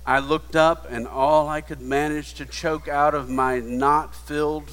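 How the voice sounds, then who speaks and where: A man preaching a sermon, retelling a story in a hushed voice that builds to emphatic appeals. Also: a little high, fairly even intonation, measured pace, hardly any pauses, clean tone. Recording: long hall reverb.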